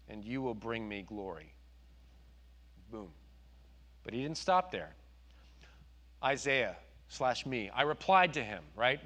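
A man preaching a sermon, telling his story with animated quoted voices. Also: medium pitch. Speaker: pastor.

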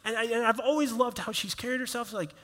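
A man's voice: very high-pitched, fast, pushed and bright, long reverb tail. A male pastor preaching a sermon in a conversational style, acting out quoted voices as he tells a story.

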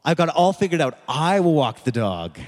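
A man voicing an excited young boy who pleads eagerly for a puppy. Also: on the high side, a little fast. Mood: eager pleading. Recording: echoey hall.

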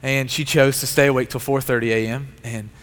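A man's voice: medium pitch, fairly even intonation, a little fast, a bit bright. A male pastor preaching a sermon with an earnest, repetitive cadence. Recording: long hall reverb.

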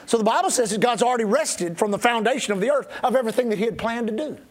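A middle-aged male pastor preaching a sermon, stressing words through repetition and dropping suddenly to a quiet voice. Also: very high-pitched, expressive, racing.

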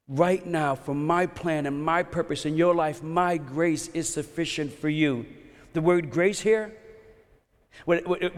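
Man, pastor, sermon, earnest conversational preaching, slightly high voice, long hall reverb.

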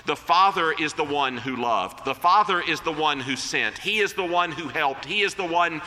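A man delivers a sermon with an earnest, deliberate manner, drawing out quoted verses. His voice sits a little high and rings bright and forceful. The sound carries the long reverb of a large church hall. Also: animated. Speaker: preacher.

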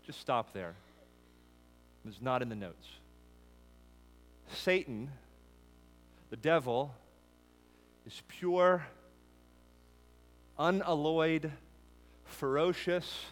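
A male preacher delivers an expository sermon from a church sanctuary, his fairly high voice rising through emphatic lists before falling quiet and low. Long reverb from the hall trails each phrase. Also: animated, drawn-out words, pauses often. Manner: emphatic, building lists to a peak then dropping low.

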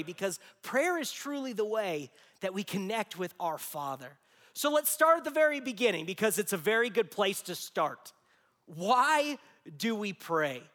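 A man's voice: very high voice, big pitch swings, normal speed, bright, forceful tone. A man in his forties preaching a sermon, telling stories with humor and asking rhetorical questions. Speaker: pastor. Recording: long hall reverb.

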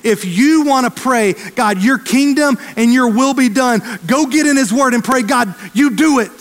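A pastor delivers a fervent sermon in a strikingly high male voice. He races through some lines and slows others for weight. The sound rings with the long reverb of a big church hall. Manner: fervent preaching, quickening and slowing for emphasis.

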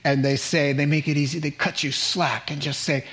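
A middle-aged male pastor delivering a lively sermon, his voice sitting a touch higher than most men's. He keeps firing rhetorical questions that climb in pitch and slips into little acted-out quotes of other people. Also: normal speed, few pauses.

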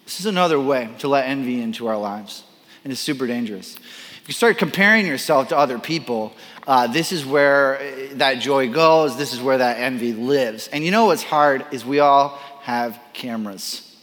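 A man preaching a sermon as a pastor, animated and playful, acting out quoted voices with self-deprecating asides. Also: medium pitch, moderate pace, big-room sound.

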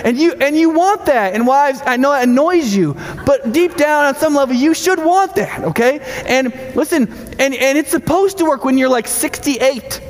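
A middle-aged male pastor preaching a sermon in a lively, conversational way, full of rhetorical questions. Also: very high-pitched, normal speed, hardly any pauses, big-room sound.

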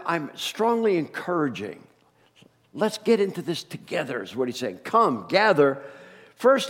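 A congested man delivers a sermon at an unhurried pace, his fairly high voice rising and falling with lively emphasis. He restarts phrases often as he presses his points. The sound carries a long reverb, as if recorded in a large church hall. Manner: animated, emphatic, with frequent restarts. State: congested with a cold. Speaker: pastor.

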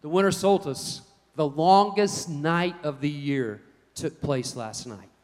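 A man preaching a sermon, telling folksy stories in an animated way. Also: fairly high pitch, takes it slowly, long reverb tail. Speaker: pastor.

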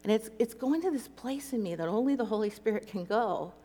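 A woman's voice: fairly high pitch, fairly quick. Woman telling a story in a reverberant hall. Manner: conversational storytelling with lively re-enacted inner speech. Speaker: Christian speaker. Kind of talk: personal testimony talk.

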